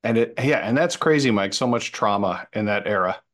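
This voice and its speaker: A man's voice: on the low side, animated, brisk. A man co-hosting a podcast, joking around and asking questions in casual chat. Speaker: podcast co-host.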